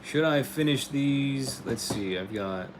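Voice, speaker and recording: A man's voice: mid-range voice, expressive, slow pace, noisy background. Laid-back man hosting a livestream. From United States. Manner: laid-back, laughs often, says "bro" and "dude". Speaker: livestream host answering chat. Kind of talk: casual livestream chat.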